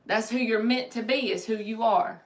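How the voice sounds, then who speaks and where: A woman's voice: on the high side, moderate pace. A woman giving a live-streamed tarot reading, reading viewers' comments aloud and answering them in an upbeat, encouraging way. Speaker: tarot reader.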